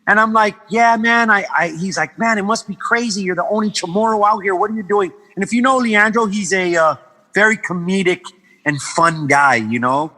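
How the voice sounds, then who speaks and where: Bright, high-voiced man telling stories. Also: normal speed, big-room sound, rough recording. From Guam. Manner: animated, swears freely, acts out quoted voices. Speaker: podcast guest. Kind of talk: casual storytelling chat.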